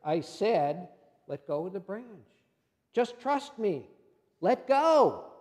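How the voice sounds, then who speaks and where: A man voicing a calm, patient God. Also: sits high, slow pace, big-room sound, voice pushed up, full character voice. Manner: calm, gently firm.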